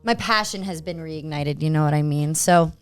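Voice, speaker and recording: A woman's voice: deep voice, moderate pace, soft background music. A woman guesting on a podcast, chatty and self-deprecating as she talks about her own show. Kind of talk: casual podcast chat.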